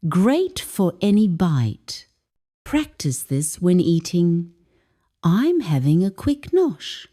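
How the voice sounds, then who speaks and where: A woman reading a scripted lesson narration as an English teacher, explaining phrases deliberately. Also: on the low side, warm tone.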